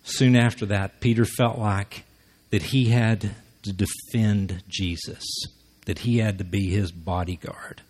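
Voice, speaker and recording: A man gives a sermon in a relaxed, conversational way. He slips into the people he quotes and acts out their lines. His voice sits a little low and sounds husky. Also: measured pace. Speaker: preacher.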